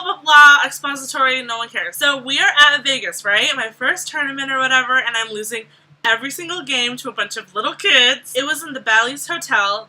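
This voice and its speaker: A woman's voice: fairly high pitch, sharp tone, low-quality recording. A young woman vlogger telling a storytime in a chatty, sarcastic way, full of "like". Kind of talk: casual storytime.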